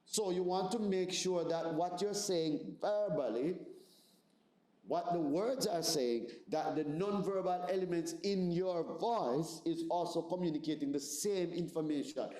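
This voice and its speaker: A man's voice: high-pitched, a little slow, warm tone. A man in his forties with a Jamaican accent, a pastor teaching a seminar in a conversational way, often checking in with "right?". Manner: conversational, repeats words, asks "right?". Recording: roomy echoey room.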